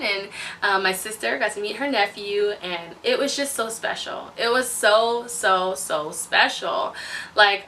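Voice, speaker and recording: A young adult woman vlogger tells her story to camera in an effusive, chatty way, packed with exclamations. Her medium-pitched voice is sharp and sounds distant from the mic, with a little hiss or hum.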